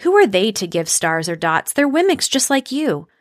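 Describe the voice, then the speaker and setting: A woman voicing a large, bearded male woodcarver who speaks gently, slowly and reassuringly. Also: medium pitch, sing-song, no echo, studio quality, lightly acted.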